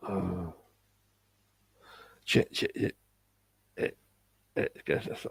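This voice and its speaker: A man with a Bristol English accent, hosting a live stream and reading out viewer comments in a hesitant, halting way with frequent restarts. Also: low-pitched, fairly even intonation, vocal fry, husky, no room sound. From England.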